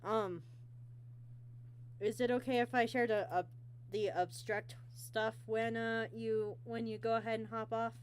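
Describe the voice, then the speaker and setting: A woman hosting a casual online interview, talking haltingly with many ums and restarts. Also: fairly high pitch, little pitch movement, slight background noise. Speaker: interview host.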